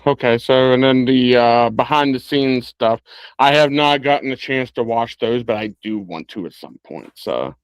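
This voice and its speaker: A man's voice: medium pitch, normal speed, smooth, dry recording, rough recording. A man in a casual film discussion, rambling with many restarts and laughing along.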